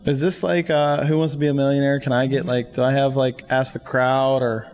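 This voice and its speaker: A man's voice: mid-range voice, little pitch movement, brisk, a little mellow, in a large hall, slight background noise. A man joining a podcast as a brewery guest, chatting casually and making easygoing jokes. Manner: joking, easygoing. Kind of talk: casual chat.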